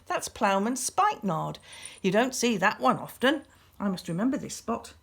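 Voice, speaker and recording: A fussy old male wizard from a storybook, as a woman reader puts him on, fluttery and anxious. His voice jumps high and dips again in lively swoops. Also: moderate pace, vocal fry, breathy edge, heavily acted. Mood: musing.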